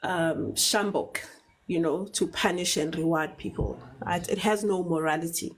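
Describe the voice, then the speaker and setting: A South African woman on a live talk show, explaining ideas in a measured way, often repeating words and checking in with "right?". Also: fairly low pitch, husky, low-quality recording.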